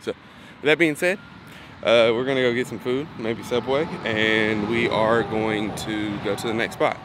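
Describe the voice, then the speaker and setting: A man's voice: medium pitch, steady tone, unhurried. Rambling man outdoors. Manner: rambling, thinking aloud with many fillers. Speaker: fishing vlogger. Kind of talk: casual vlog talk to camera. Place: outdoors on a lake. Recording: noisy outdoor recording with passing vehicles.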